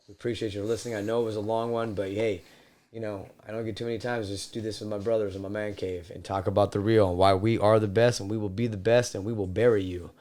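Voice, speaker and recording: A man hosting a podcast from his home man cave, casual talk that builds into loud wrestling-style promo shouting. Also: fairly low pitch, flat delivery, fast talker. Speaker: podcast host.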